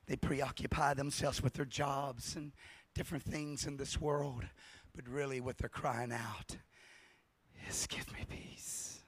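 A man preaching a revival sermon to a congregation, shouting repeated refrains with passion and then dropping to a hushed, intense delivery. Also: mid-range voice, flat delivery, measured pace, few pauses, slightly rough, no room sound.

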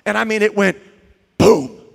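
A man preaching a sermon, telling stories with swings between shouts and quiet asides. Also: high voice, a little slow, gravelly. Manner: shouting, animated storytelling with swings from loud to quiet.

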